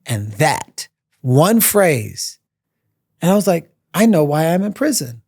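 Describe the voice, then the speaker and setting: A man speaks as a podcast guest, telling his own story with animated repetition of key phrases. His voice has a gravelly, fry-edged texture. The sound is dry and close, with no room echo. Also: fairly high pitch, takes it slowly. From United States. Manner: animated, repeats phrases for emphasis. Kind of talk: personal storytelling in a conversation.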